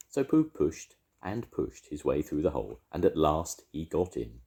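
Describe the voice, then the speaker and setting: An older man reading a children's story aloud in an expressive, lilting way. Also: extremely low pitch, moderate pace, hardly any pauses.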